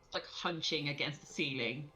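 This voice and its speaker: A woman's voice: low voice, moderate pace, sharp tone, low-quality recording. A woman playing a tabletop role-playing game, talking casually and thinking aloud with frequent laughs. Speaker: player.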